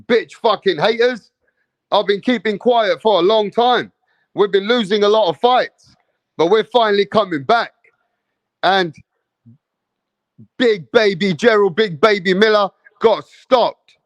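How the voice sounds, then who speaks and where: A man's voice: high voice, a little slow, pauses often, no room sound, highs cut off. A man from England hosting a live boxing stream, hyped and profane, repeating his points. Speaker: boxing channel host.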